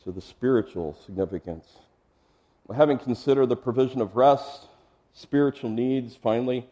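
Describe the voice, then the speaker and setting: A male pastor works through a passage in a relaxed, conversational sermon. His voice is mellow and warm, and he often stops for chuckling asides and repeats words while he gathers his thoughts. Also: medium pitch. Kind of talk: expository sermon.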